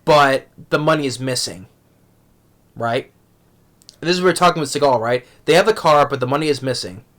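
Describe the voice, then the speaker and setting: A man's voice: mid-range voice, normal speed, a bit bright. A young man giving a rambling, exasperated movie review rant at home, tripping over his words and restarting often.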